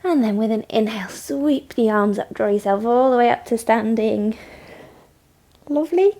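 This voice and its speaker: A woman leading a morning yoga class, giving calm step-by-step cues and frequent praise. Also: on the high side, moderate pace. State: has the hiccups. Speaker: yoga instructor. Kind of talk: guided yoga class instruction.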